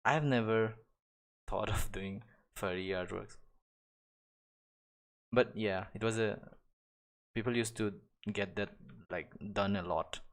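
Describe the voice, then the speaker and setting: A man's voice: lowish voice, slow pace, pauses often. A young man chatting casually and rambling while he draws on a live stream, full of restarts and small chuckles. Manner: rambling, many restarts and fillers, chuckles often. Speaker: live-stream digital artist. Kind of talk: casual chat while drawing.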